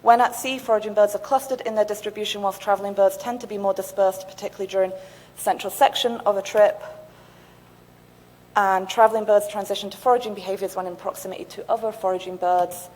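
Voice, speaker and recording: A woman's voice: mid-range voice, fairly even intonation, quick pace, a little mellow. A woman finishing her conference talk and thoughtfully answering an audience question. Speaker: conference speaker. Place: lecture hall. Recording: reverberant hall with faint noise.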